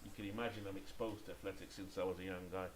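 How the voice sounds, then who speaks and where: A man's voice: low voice, level tone, very fast, a little hiss or hum, low-quality recording. A British man calling play-by-play for a baseball video game he is playing, chatting and thinking aloud between calls. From Great Britain. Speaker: gamer and play-by-play caller.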